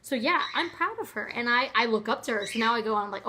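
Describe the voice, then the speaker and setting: Bright-voiced earnest young woman vlogger. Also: on the high side, fast, hardly any pauses. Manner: earnest and expressive, many fillers and restarts. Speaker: motivational vlogger. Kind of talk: casual motivational talk to camera.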